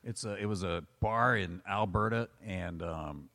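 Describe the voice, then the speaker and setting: A man in casual chat, telling stand-up comedy road stories with animated delivery. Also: sits low, measured pace. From United States. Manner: animated storyteller, acts out loud quoted yelling.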